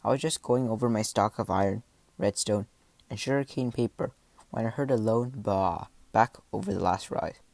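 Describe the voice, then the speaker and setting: A man reading a first-person adventure story aloud, with dramatic delivery and voiced shouts and animal sounds. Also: lowish voice, normal speed, gravelly, no echo. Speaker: audiobook narrator.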